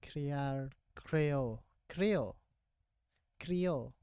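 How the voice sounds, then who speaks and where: A man with a slightly high voice works through new words out loud, slowly and hesitantly, correcting himself as he goes. His voice sounds close and dry, with no room around it. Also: smooth, dry recording. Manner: hesitant, thinking aloud, self-correcting. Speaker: learner vlogging his practice. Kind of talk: casual vlog, practicing aloud.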